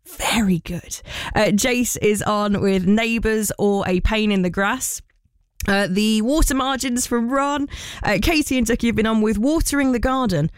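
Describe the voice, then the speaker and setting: A woman's voice: on the high side, normal speed, smooth, dry recording. A woman presenting a breakfast radio show, chatty and playful, laughing easily as she reads out listeners' entries. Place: radio studio. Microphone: studio microphone.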